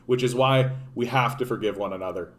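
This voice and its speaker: A man's voice: medium pitch, a little fast. A man hosting a casual political livestream, talking off the cuff, rambling with frequent restarts and swearing. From Canada. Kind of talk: casual unscripted commentary.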